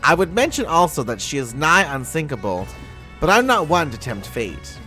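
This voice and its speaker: A man voicing a formal, seasoned male naval commander from a game, reading in a lowered, stately manner. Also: sing-song, moderate pace, pushed and bright, faint music behind.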